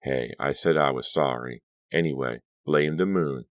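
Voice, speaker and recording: A man voicing a cocky, wild teenage boy who teases his friends loudly. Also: very deep voice, a little slow, no room sound. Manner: brash, teasing, loud.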